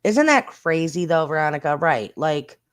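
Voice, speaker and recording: A livestream host reacts to viral clips in a blunt, indignant way, with mild swearing. The voice sits at an ordinary middle pitch and chats straight to the viewers. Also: expressive, normal speed, clear, resonant tone. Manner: chatty, talks straight to the viewers. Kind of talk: casual livestream commentary on viral videos.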